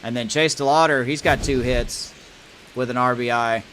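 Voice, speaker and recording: A man's voice: medium pitch, fairly even intonation, moderate pace, fairly bright tone, slight background noise. Chatty man commenting on his game. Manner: chatty, self-deprecating, reacts to plays. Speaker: gamer playing a baseball franchise mode. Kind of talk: casual gameplay commentary.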